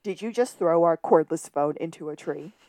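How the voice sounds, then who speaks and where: A woman co-hosting a podcast, recapping a TV episode in casual chat and acting out quick lines from scenes. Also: low-pitched, warm tone, dry recording. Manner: chatty, retells scenes with quick quoted lines. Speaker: podcast co-host.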